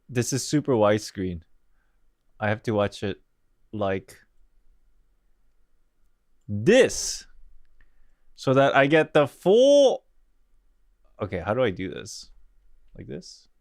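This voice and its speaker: Man streamer reacting excitedly to a game. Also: medium pitch, dry recording, studio quality. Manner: excitable, exclaiming and laughing. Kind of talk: live gameplay reaction.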